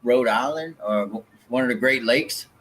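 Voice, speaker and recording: A man's voice: medium pitch, normal speed. A man in casual, profane banter, hosting a chat. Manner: profane, laid-back banter. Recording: faint background noise.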